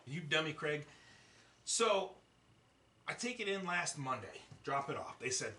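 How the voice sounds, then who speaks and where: Man, podcast host, cursing storyteller, bright voice, echoey room, mic off at a distance. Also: on the high side, a little slow, long pauses. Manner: profane, animated storytelling. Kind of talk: casual chat.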